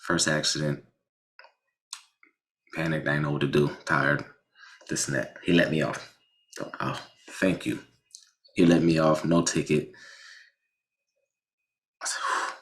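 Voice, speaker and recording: Deep-voiced man telling a crash story. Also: unhurried, pauses often. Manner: animated, swearing, frequent restarts and "I'm like" asides. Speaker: faith vlogger telling a personal story. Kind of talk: casual storytelling.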